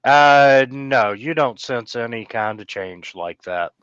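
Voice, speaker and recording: A man's voice: mid-range voice, expressive, takes it slowly, fairly bright tone, clear, resonant tone, no room sound, dull audio. A man narrating as game master, hesitant and full of filler sounds. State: hiccups.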